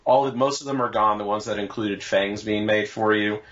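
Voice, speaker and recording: A man's voice: lowish voice, fairly even intonation, a little fast, fairly bright tone. A man, a guest on a podcast, laying out details in a plain, informative way. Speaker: guest, event organizer. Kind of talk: casual podcast chat. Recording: dull lo-fi audio.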